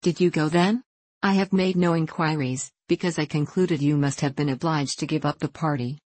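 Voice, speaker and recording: A gentle, sensible young woman, as a woman reader puts her on speaks calmly and reasonably in a storybook reading. The voice is low and recorded dry and close. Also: moderate pace, no room sound. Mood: polite. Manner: calm, reasonable.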